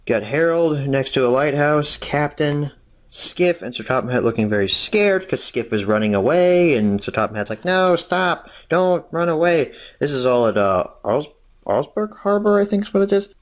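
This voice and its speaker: A man's voice: mid-range voice, no echo. A man hosting a home media review vlog, casual, chatty, opinionated and self-deprecating.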